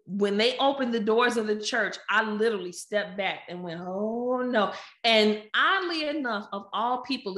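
A woman telling a personal story in a lively, animated way, acting out the quotes. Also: medium pitch. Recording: echoey room.

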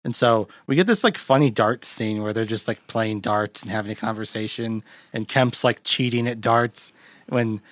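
A man's voice: lowish voice, normal speed, a bit bright, dry recording. A man hosting a podcast, recapping a film in loose, rambling casual chat and acting out quotes in a raised voice. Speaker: podcast host.

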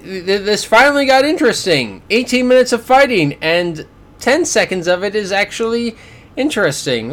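A man's voice: on the high side, fairly bright tone. A Canadian man hosting a podcast, reviewing fights in a sarcastic, exasperated way and often stammering over repeated words. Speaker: podcast host. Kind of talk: casual boxing review.

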